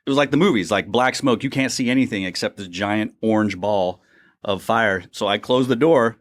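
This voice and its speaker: A man who is a guest on a talk show, telling a story in a plain, unhurried way. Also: lowish voice. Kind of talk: casual storytelling.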